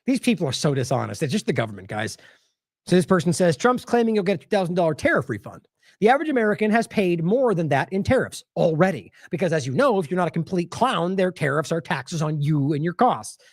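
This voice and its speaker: Male news-commentary host, fairly high and animated voice, sarcastic, close dry mic. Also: fast, no echo. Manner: exasperated, sarcastic, scoffing laughs. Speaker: independent news show host. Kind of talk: casual commentary on played clips.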